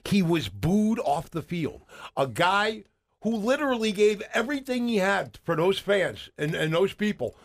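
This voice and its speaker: High-pitched male radio co-host telling stories. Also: measured pace, gravelly. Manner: animated storytelling with frequent fillers and restarts. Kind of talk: casual radio chat.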